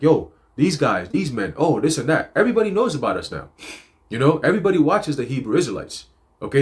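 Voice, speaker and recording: Guy preaching on a livestream, street-casual and emphatic, mid pitch. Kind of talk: livestreamed teaching.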